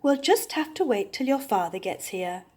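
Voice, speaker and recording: A woman's voice: a little high, lively intonation, normal speed, darkish tone, breathy edge. A grandmother voicing a kind giant monster mother. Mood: gentle.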